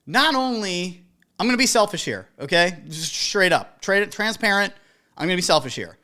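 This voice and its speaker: Animated man telling a wedding DJ story. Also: high-pitched, normal speed. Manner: animated, emphatic, casual swearing. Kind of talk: storytelling advice to fellow DJs.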